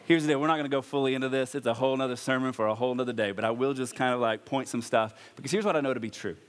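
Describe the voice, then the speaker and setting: Pastor preaching in a reverberant church hall. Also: male voice, mid-range voice, racing. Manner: conversational preaching with bursts of raised emphasis. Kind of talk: sermon.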